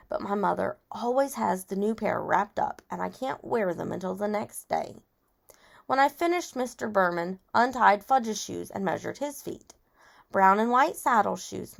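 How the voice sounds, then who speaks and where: A woman's voice: mid-range voice, gravelly. A woman teacher reading a chapter book aloud to children, stopping to ask and explain vocabulary words.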